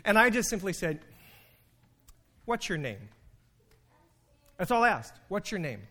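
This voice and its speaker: A man preaching a sermon, telling stories with humor, emphatic pauses and sudden bursts of energy. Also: sits high, very animated, bright, forceful tone. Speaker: preacher and teacher.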